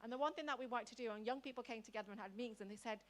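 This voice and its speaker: A woman's voice: a little high, rapid-fire. A woman, an anti-racism campaigner speaking enthusiastically to an assembly in long run-on sentences. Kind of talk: public comment to an assembly.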